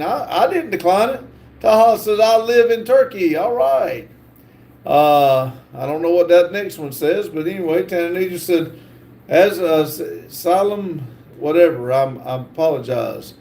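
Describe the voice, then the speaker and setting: A middle-aged man hosting a livestream, reading viewer comments aloud haltingly and stumbling over words. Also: high-pitched, a little mellow. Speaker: livestream host reading chat. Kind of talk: casual live chat reading.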